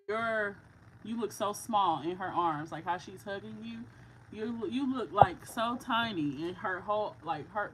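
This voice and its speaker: A woman's voice: medium pitch, fairly bright tone, a little hiss or hum, rough recording. A woman giving a casual, heartfelt psychic reading. She talks in a rambling way, full of "like" and restarts. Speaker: psychic card reader. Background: music playing.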